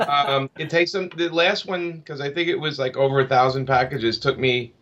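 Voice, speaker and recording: A man's voice: medium pitch, steady tone, normal speed, fairly bright tone. A man speaking as a comic book creator in a casual interview, rambling with many restarts and fillers. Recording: slightly dull lo-fi audio.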